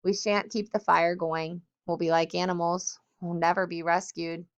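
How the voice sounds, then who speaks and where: A woman's voice: fairly low pitch, level tone, normal speed, clear, resonant tone, highs cut off, lightly acted. A woman voicing an earnest, troubled boy chief who speaks in a worried way.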